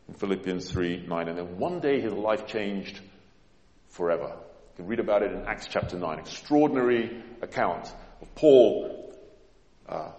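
A low-voiced man delivers a sermon in a large, echoing church hall. He dramatizes his quotes with sudden emphatic surges, and the long reverb trails every phrase. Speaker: preacher.

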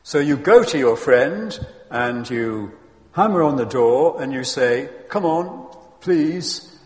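A man preaching a sermon in a lively, emphatic way, with chuckles and friendly asides. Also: medium pitch, measured pace, long reverb tail.

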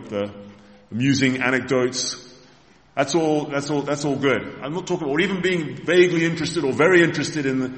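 A man preaching a sermon to a congregation in a church, retelling scripture scenes as vivid stories and speaking directly to his listeners. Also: mid-range voice. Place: church hall. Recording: echoey hall reverb.

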